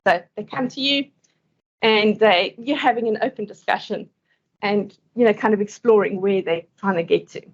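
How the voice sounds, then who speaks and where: A woman's voice: medium pitch, moderate pace, dull audio. A woman giving a conference talk and answering questions, speaking conversationally and laughing often between points.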